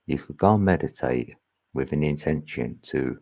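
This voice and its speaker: A man's voice: rumbling low, moderate pace, creaky, dark tone. A man talking in a rambling, chatty livestream monologue, laughing often and thinking aloud. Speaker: livestream host.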